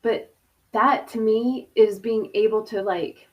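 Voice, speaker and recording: A woman's voice: on the high side, steady tone, slow pace, muffled recording. Chatty laughing woman hosting a live stream. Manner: chatty, laughing, uses "y'all" and "like" often. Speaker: host. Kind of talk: casual live-stream talk. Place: home, over video call.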